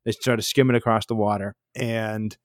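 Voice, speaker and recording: A man's voice: on the low side, flat delivery, normal speed, no room sound, clean studio sound. A young man co-hosting a casual podcast, telling rambling stories with wry, profane asides. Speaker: podcast co-host. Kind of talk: casual chat.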